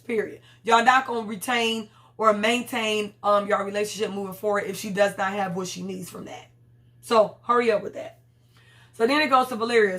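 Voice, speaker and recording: Young woman w a slightly high voice, slangy casual tv recap, acts out the lines. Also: fairly bright tone. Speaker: TV episode reviewer.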